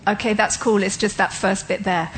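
A woman's voice: mid-range voice, fairly even intonation, moderate pace, rough recording. A woman giving an interactive sermon, asking listeners questions and explaining ideas step by step. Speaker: Bible teacher.

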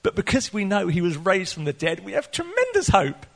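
An earnest male preacher delivers a sermon, his slightly high voice climbing sharply whenever he gets excited. He laughs often between points. He keeps an open, personal tone throughout. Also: a little fast, vocal fry. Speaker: pastor.

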